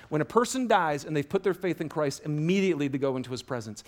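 High-voiced man preaching with passion. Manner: animated preaching, swinging from loud emphasis to hushed, drawn-out words. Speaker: pastor. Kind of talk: sermon. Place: church auditorium with a congregation.

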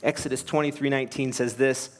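Here a pastor talks fast, his mid-range voice holding a steady tone. Earnest and emphatic, he preaches through rhetorical questions and anecdotes, laughing lightly along the way.

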